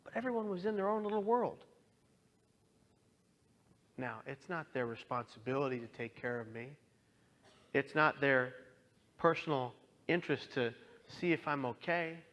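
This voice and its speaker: A man's voice: medium pitch, animated, normal speed, pauses often, fairly bright tone, dull audio. A man in his thirties giving an earnest, emotional talk about his own experience, sometimes voicing the people in his story. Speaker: speaker. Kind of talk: personal testimony talk.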